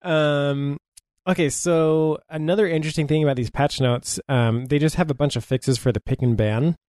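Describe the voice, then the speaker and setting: A man's voice: fairly high pitch, steady tone, moderate pace, darkish tone, no echo. A man co-hosting a casual gaming podcast, wry and long-winded, with lots of fillers as he explains things. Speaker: podcast co-host.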